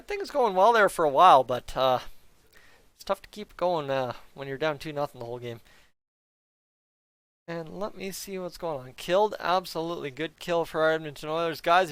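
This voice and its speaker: A man hosting a live fan reaction stream, excitable and chatty, sometimes counting down the clock in an auctioneer patter. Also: a little high, smooth, dry recording.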